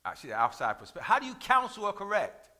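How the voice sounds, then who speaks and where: A man delivers a sermon in a high, forceful voice. He works in call-and-response, hammers each point by repeating it, and climbs to shouts when he drives a point home. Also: huge pitch swings, quick pace. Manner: rises to shouts at key points. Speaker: preacher.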